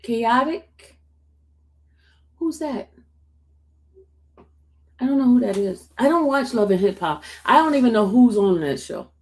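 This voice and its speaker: A woman hosting a casual livestream, chatting and answering viewer comments in an expressive way. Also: a little high, measured pace, long pauses. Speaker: livestream host covering court cases. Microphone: streaming setup.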